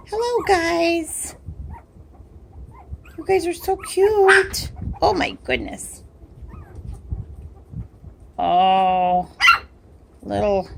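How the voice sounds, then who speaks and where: Very high, cooing woman. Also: gravelly, slight background noise. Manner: cooing baby-talk to puppies. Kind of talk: home video narration. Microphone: handheld camera.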